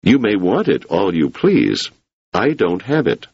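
Selden: a man doing a guarded, reluctant scholar, gravelly and husky, pitched a touch above the reader's deep voice. Dull, dry studio sound. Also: wildly swooping pitch, measured pace, a little mellow, no echo, exaggerated voice. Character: wary male scholar, cautious and reluctant.

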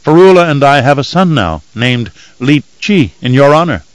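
A man's voice: mid-range voice, sing-song, normal speed, no room sound, voice pushed up, natural voice, rough recording. A man reading an audiobook voices a boisterous desert warrior greeting an old friend with teasing. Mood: hearty teasing. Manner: hearty, teasing.

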